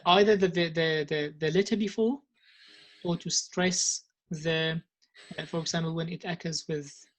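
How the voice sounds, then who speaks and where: This is a woman, teaching a lesson on Quranic pronunciation. She explains patiently, breaking off and restarting her sentences, and slows right down to demonstrate each sound. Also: low-pitched. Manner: slow deliberate demonstrations, frequent hesitations and restarts. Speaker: Tajweed teacher.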